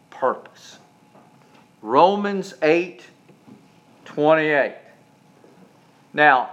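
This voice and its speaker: A man preaching a sermon, swinging from loud, emphatic calls to soft, hushed prayer. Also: on the high side, dull audio. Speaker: pastor.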